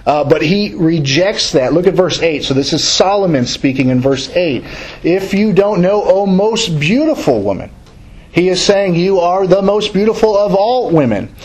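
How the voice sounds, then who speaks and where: A man teaching a Bible study class from a handout, reading verses aloud and explaining them in a casual, halting way. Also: high-pitched, lively intonation, a little mellow, husky, low-quality recording.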